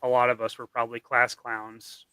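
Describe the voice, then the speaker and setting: A man's voice: mid-range voice, completely flat delivery, moderate pace, pushed and bright, smooth, no room sound. A man hosting a live stream in casual chat, enthusiastic, jokey and profane.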